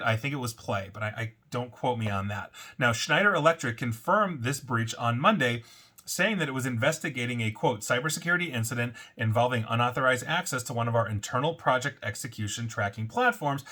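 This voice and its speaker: A man's voice: medium pitch, sharp tone. A man hosting a weekly data breach show, talking casually and rambling with fillers and self-corrections. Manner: reads quotes aloud in a put-on French accent. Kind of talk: casual solo commentary.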